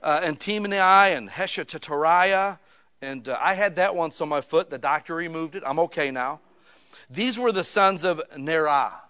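A middle-aged male pastor preaching a sermon in a joking, conversational way, with lively asides between readings. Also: fairly high pitch, moderate pace.

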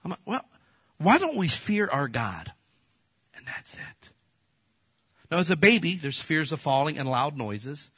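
A man preaching a sermon in a folksy, animated storytelling manner, acting out the voices in his stories. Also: fairly high pitch, unhurried, long pauses, breathy edge, dry recording. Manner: folksy, addresses the congregation as folks. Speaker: pastor.

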